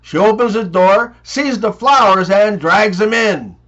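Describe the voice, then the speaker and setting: A man telling one-liners and short jokes as a comedian, with quick punchline delivery. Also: sits high, fairly bright tone, dull audio.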